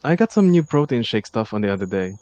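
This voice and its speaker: A man's voice: lowish voice, very animated, fast talker, a little mellow. A man voicing a sleepy, wry young man in a live story reading, joking dryly.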